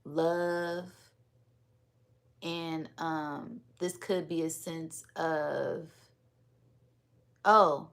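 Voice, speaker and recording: Woman, low voice, gravelly fry, calm and relaxed livestream reading, chatting with viewers. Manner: calm, relaxed and unhurried, sometimes repeating words. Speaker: spiritual reader and livestream host. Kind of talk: live-streamed energy reading, chatting with viewers.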